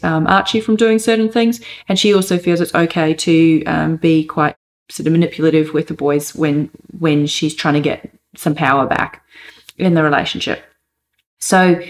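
Earnest mother, lowish voice. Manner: earnest, thoughtful, hesitant with many pauses. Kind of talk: reflective personal update.

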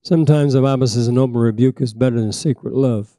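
A man's voice: medium pitch, fast talker, no room sound. An older man preaching a sermon, emphatic and repetitive, with a frog in his throat and frequent coughs. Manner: emphatic, rising to forceful peaks then dropping to asides. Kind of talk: sermon teaching.

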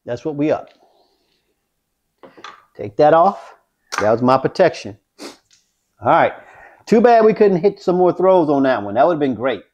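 A man vlogging his craps practice, talking viewers through each throw with excitement. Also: a little high, unhurried, long pauses, dull audio. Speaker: dice-control craps vlogger. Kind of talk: casual play-by-play while throwing dice.

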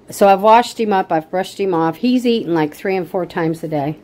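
A woman's voice: lowish voice, normal speed, few pauses, mellow, low-quality recording. A middle-aged woman vlogging at home on her phone, chatting casually, rambling, emotional and indignant. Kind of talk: casual chat to camera.

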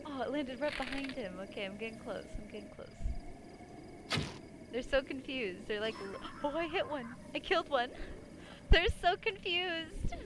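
A woman's voice: high voice, expressive, moderate pace, noisy background. A young woman streaming a video game live, chatting and giggling, cooing at enemies in a baby voice. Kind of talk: live gameplay commentary. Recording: music playing under the voice.

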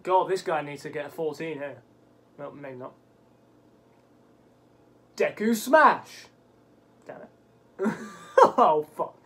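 A man commentating a golf video game, swearing often and yelping at bad bounces, his voice cracking into high squeaks. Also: a little slow. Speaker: gaming channel host. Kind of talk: let's play commentary.

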